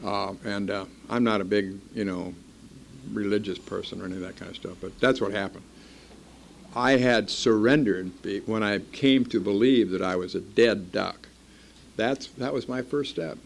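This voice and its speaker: An older man with a low, gravelly voice tells his story plainly to a meeting. He is blunt and dryly funny and pokes fun at himself. He grew up in Iowa. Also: moderate pace, slight background noise. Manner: blunt, wry, self-mocking. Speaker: speaker at a recovery meeting. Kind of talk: personal storytelling talk.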